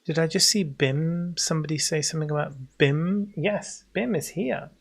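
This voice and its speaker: A man in his forties with an English accent, chatting casually while livestreaming a game, rambling on and breaking into excited greetings for viewers. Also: a little high, moderate pace, vocal fry. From England. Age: 40s. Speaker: game streamer.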